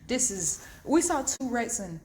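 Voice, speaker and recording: A young adult woman telling a story in a casual vlog while driving home in her car, animated, acting out what people said and laughing often. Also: a little high, unhurried, slight background noise. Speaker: vlogger.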